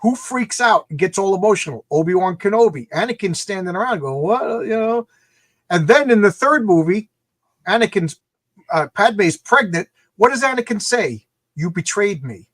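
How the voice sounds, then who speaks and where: A man in casual podcast chat, animated, acting out quoted lines in different voices. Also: sits high, moderate pace, no echo. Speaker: podcast co-host.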